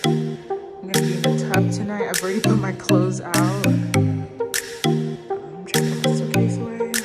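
Woman travel vlogger, gushing, emphatic, mid-pitched voice, music playing clearly behind. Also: level tone, a little slow, reverberant, low-quality recording. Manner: gushing, effusive, emphatic repetition. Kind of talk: casual travel vlog. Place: hotel resort room. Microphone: phone held while walking.

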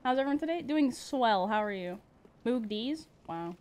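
Young woman, game streamer, high voice, swooping animated pitch, playful exclamations. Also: normal speed. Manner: playful, exclaiming, chatting with viewers. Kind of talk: live gameplay commentary.

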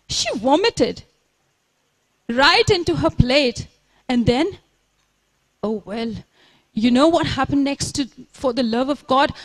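A woman's voice: high voice, fairly bright tone. A woman reading aloud, voicing a fretful, chatty middle-aged mother who rambles defensively and drops Hindi words. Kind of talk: reading aloud from her book.

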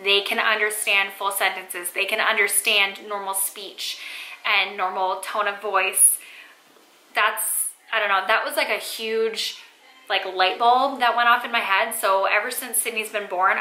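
A woman's voice: medium pitch, level tone, measured pace, bright, forceful tone. A young woman, a mother, chatting casually to camera with lots of "like" and "um" fillers. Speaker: mom vlogger. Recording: echoey room.

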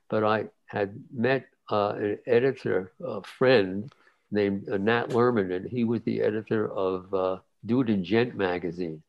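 A man in his nineties, a guest cartoonist, telling stories in a relaxed interview, rambling with many fillers and restarts. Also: fairly low pitch. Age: 90s. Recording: dull lo-fi sound.

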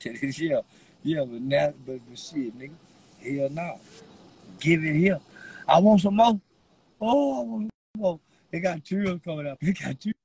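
A man's voice: on the high side, measured pace, gravelly, long pauses, a little mellow, slightly rough, no echo, rough recording. Giggling stoned man, laughing between words. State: high, teary-eyed from laughing. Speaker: vlogger. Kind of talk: rambling stoned chat to camera.

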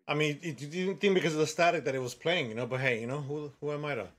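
A man's voice: a little high, fast talker. A man in his forties giving casual, jokey gameplay commentary, talking back to characters on screen and swearing freely. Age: 40s. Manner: joking, loud and swearing, talks to characters on screen. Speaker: gaming streamer.

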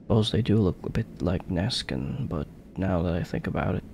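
Guy doing a brash little game fairy, mocking, lively ups and downs. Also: low-pitched, normal speed, gravelly, slight background noise, pitched below the performer's own voice.

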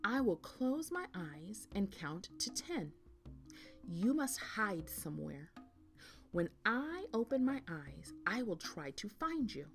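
A woman's voice: mid-range voice, sing-song, slow pace, fairly bright tone, faint music behind, voice pushed up, exaggerated voice. A woman reading aloud, voicing a small, brave, rule-making girl shape in a sing-song storybook voice. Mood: bossy.

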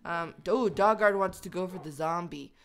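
A woman hosting a video game let's play, chatty and excitable, talking to her pets as she plays. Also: on the low side, moderate pace, a little hiss or hum.

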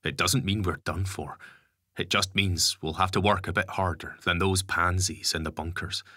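A man's voice: deep voice, steady tone, normal speed, bright, forceful tone, no echo, studio quality. A man voicing a blunt, sardonic ex-convict father in an audiobook. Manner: gruff, swears casually. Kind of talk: audiobook character voice.

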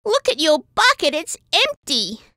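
A woman's voice: huge pitch swings, a little slow, pushed and bright, no room sound, clean studio sound, exaggerated voice. A woman voicing Bronte, a fretful little bird. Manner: anxious, high exclamations.

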